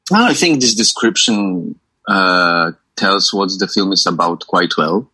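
A man's voice: sits low, expressive, unhurried, sharp tone, husky, low-quality recording. A young Polish man, a film director, answering in English with a Polish accent, hesitant and full of uhs and repeated words.

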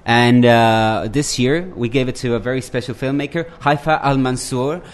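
A man's voice: mid-range voice, steady tone, moderate pace. A man co-hosting from a hot room at a film festival, leading an improvised, teasing chat about films. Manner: upbeat, teasing, leads the segments.

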